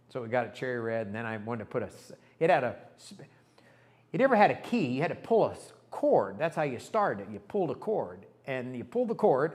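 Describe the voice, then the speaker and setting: An older man, a pastor, telling a folksy, animated story in a sermon and acting out the voices of the people in it. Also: mid-range voice. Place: church sanctuary.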